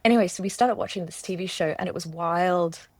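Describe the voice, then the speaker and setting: Woman, lowish voice, earnest, searching, restarts often, dry close sound. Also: a little fast, dry recording. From Australia. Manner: earnest, searching, with many restarts and self-quotes. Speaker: interview guest. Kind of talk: personal testimony in conversation.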